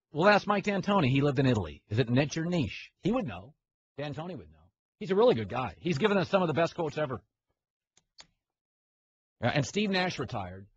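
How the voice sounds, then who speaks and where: A man hosting a sports talk show, opinionated and rambling, often stopping and restarting his sentences. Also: medium pitch. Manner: rambling, opinionated, self-interrupting. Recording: slightly muffled, faint hiss.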